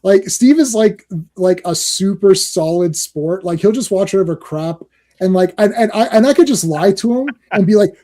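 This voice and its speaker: A man's voice: high voice, expressive, moderate pace, dark tone. A man hosting a podcast in casual chat, rambling and enthusiastic, often laughing. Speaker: podcast host.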